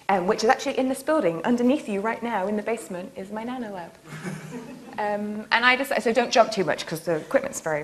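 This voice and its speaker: Lively, playful woman lecturer. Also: medium pitch. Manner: playful, enthusiastic storytelling with laughs. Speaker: nanotechnologist giving a public lecture. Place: lecture hall in a university building.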